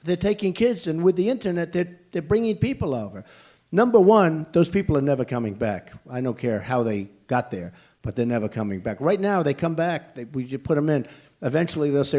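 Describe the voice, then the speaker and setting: A man's voice: mid-range voice, lively intonation, normal speed, mellow. An older man giving a campaign rally speech and taking questions, talking in a blunt, repetitive, rambling way with emphatic asides. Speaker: political candidate.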